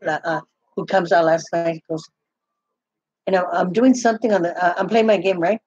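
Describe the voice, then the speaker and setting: A woman's voice: fairly low pitch, steady tone, fairly quick, music in the background. An older woman chatting casually, rambling, with many restarts and retold conversations. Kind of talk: casual chat. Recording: dull, muffled, lo-fi sound.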